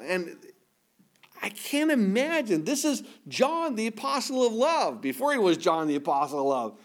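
A man preaching a sermon in a lively storytelling way, acting out the people in the story with sudden swings between loud and soft. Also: high voice, normal speed.

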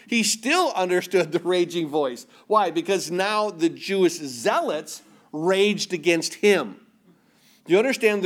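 A middle-aged man preaching a sermon, earnest, often repeating words and dropping to a hush for emphasis. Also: high-pitched. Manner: earnest, repeats words, swings between loud emphasis and hushed quiet. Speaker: pastor.

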